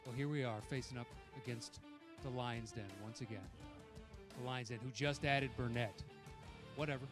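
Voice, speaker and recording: A man's voice: mid-range voice, steady tone, moderate pace, music in the background. A man cutting a mocking trash-talk promo against his opponent. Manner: mocking, taunting. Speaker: competitor.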